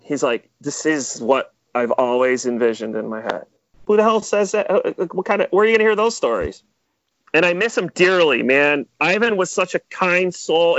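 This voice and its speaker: A man's voice: fairly high pitch, no echo, muffled recording. A man music producer chatting in an interview, telling stories animatedly with lots of filler words. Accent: Metro Detroit. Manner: animated storyteller, many "like" fillers. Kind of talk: casual interview chat.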